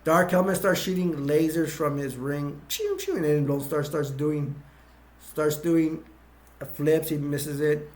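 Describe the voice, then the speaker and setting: A man's voice: on the high side, level tone, a little slow, darkish tone. A man casually retelling movie scenes scene by scene, rambling and restarting as he goes. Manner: rambling, full of fillers and restarts. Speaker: movie reviewer.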